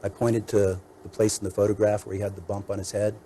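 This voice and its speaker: Low, dark-voiced defense attorney arguing. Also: male voice, flat delivery, slight background noise, poor audio. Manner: measured, methodical, lists points. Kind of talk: courtroom mitigation argument. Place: courtroom.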